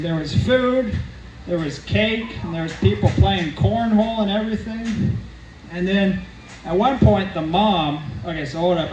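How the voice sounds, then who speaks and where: Guy with a highish voice telling a rambling awkward story, deadpan, mic far off in an echoey room. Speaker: comedy character vlogger. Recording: roomy, distant mic, faint background hum.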